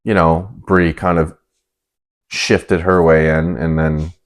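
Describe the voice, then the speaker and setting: A man's voice: extremely low pitch, little pitch movement, slow. A young man co-hosting a podcast in casual chat, laid-back and hedging with "kinda" and "right?". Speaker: podcast co-host.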